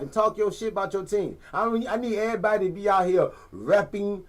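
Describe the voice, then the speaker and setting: A man hosting a sports podcast from a living room, talking casually in an animated, slangy, rambling way and repeating himself. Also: sits high, fairly quick, hardly any pauses. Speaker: podcast host.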